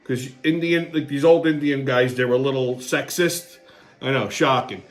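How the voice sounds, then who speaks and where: A man hosting his own show tells a long story in a medium-pitched voice at a moderate pace. His casual monologue is blunt, rambling and profane.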